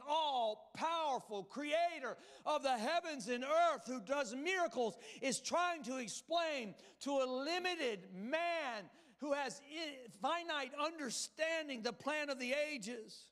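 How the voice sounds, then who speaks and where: High-voiced pastor preaching emphatically. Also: male voice, a bit bright. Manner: emphatic, storytelling, calls to the congregation. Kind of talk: sermon. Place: church sanctuary. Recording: long hall reverb with music.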